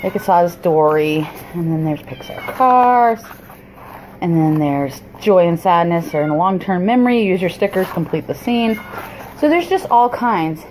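A woman's voice: lowish voice, animated, a little mellow, a little hiss or hum. A woman, chatting through a shopping haul vlog at home, rambling and apologizing as she goes. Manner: chatty, rambling, apologetic, frequent pauses and restarts. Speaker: vlogger. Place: cluttered home.

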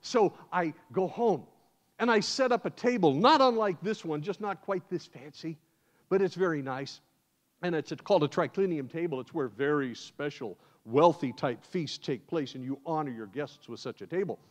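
An American man, a guest preacher, telling a sermon as a lively first-person story. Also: on the high side, moderate pace. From United States. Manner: animated, acts out scenes in first person. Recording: dull lo-fi sound.

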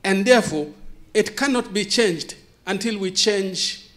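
A man with a first language other than English gives an impassioned conference talk, full of repeated rhetorical questions and dramatic pauses. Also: high voice, a bit bright. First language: not English. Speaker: conference speaker. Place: conference hall.

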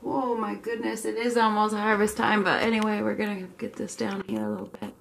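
A woman giving a casual tarot reading, chatty and excitable, laughing often and filling pauses with ums. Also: mid-range voice, vocal fry. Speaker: tarot reader.

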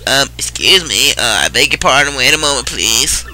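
A man's voice: mid-range voice, expressive, moderate pace, bright, forceful tone, a little hiss or hum, poor audio. A man voicing a shy, nervous young male turtle from a video game, stammering and apologizing over game music. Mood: timid.

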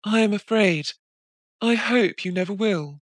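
A woman's voice: medium pitch, measured pace, dry recording, studio quality, pitched above the performer's own voice, close to an everyday voice. A woman voicing a troubled, secretive young woman in an audiobook, speaking tenderly through tears. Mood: rueful tearful. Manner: rueful, tender.

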